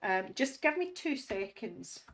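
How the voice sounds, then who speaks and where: Her mid-range voice has big pitch swings, a measured pace and a fairly bright tone, with slight background noise. She's a middle-aged Scottish woman hosting an art livestream from her home studio, chatting casually over viewer comments, laughing often, mocking herself and restarting sentences.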